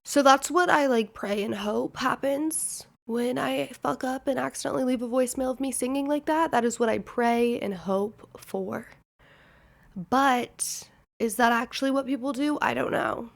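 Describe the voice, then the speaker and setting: This podcast host is a woman from Nebraska whose Midwestern accent colors her casual, rambling, candid storytelling, peppered with "like." She speaks at a moderate pace in a high, creaky voice.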